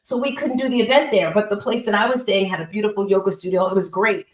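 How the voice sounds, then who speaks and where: A woman's voice: mid-range voice, quick pace, roomy sound, rough recording. A woman hosting a live online call as a business coach, giving an upbeat, emphatic motivational talk and repeating phrases.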